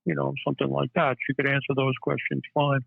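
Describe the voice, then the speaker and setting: A man, a psychiatrist guest, telling stories in a halting way with many fillers. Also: medium pitch, monotone, creaky, no room sound. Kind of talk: casual interview storytelling. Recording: tinny phone-line audio, dry.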